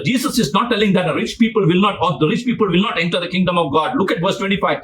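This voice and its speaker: A man's voice: high voice, racing, few pauses, a bit bright, distant mic, poor audio. A man preaching a sermon, repeating his phrases for emphasis and acting out the scripture as he goes. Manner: repetitive, emphatic, dramatizes scripture.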